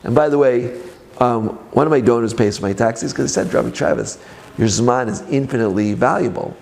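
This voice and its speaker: A man's voice: mid-range voice, fairly quick, creaky. A man speaking as a rabbi, giving a Torah class with personal stories and joking asides. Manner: animated storyteller with joking asides.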